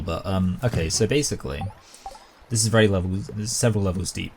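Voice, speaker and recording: A man's voice: low-pitched, fast, a little mellow, slight background noise. A man with a British accent chatting casually while he plays a game, rambling through a long-winded, self-aware story. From Britain. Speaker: gaming YouTuber. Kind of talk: casual commentary while gaming.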